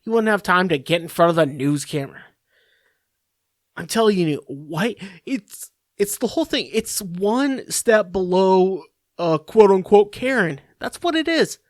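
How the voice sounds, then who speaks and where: A man hosting a podcast, ranting alone in a profane, exasperated way with halting restarts. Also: high-pitched, lively intonation, dry recording, studio quality. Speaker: podcast host. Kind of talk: solo comedic rant.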